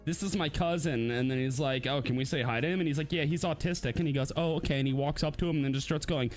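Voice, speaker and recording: A man co-hosting a live-streamed podcast, talking casually and laughing often, with quick swings into mocking put-on voices. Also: a little high, faint music behind. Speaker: podcast co-host.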